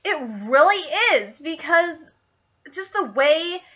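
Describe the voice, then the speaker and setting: A woman who is sick, streaming a casual live reaction and gushing excitedly as she reads along. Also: extremely high pitch, slow, muffled recording. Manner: gushing, excitable, squeals over scenes.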